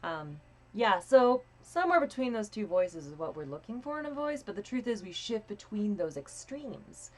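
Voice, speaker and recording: A young woman coaching a live voice training lesson in a casual, chatty way, swearing freely and demonstrating breathy and pinched sounds. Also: mid-range voice, big pitch swings, normal speed.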